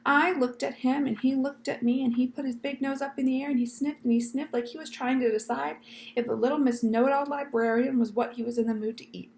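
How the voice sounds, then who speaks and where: A gentle, genteel old lady librarian spins her tale with polite little "yes, ma'am"s, as a woman puts her on. Her voice sits a little high, with a gravelly edge. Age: older. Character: elderly Southern lady librarian, gentle, storytelling.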